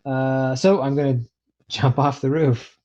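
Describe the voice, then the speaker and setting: A man's voice: medium pitch, fairly even intonation, slow, a little mellow. A man playing a tabletop game, describing his character's moves loosely and often laughing. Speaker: player. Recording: muffled lo-fi mic.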